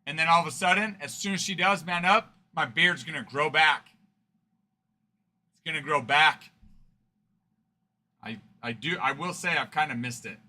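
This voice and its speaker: A man's voice: fairly high pitch, moderate pace, pauses often, pushed and bright. A man hosting a card-breaking livestream, chatting and teasing viewers in a casual, joking way. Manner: chatty, teasing banter, fond of the word 'frickin''.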